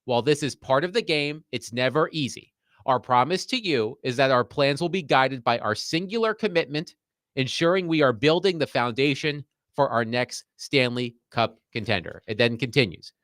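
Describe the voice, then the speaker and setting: Mid-pitched male sports host, steady and measured. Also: no room sound, clean studio sound. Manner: measured, reads quotes aloud then comments. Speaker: sports talk show host. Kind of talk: sports radio talk.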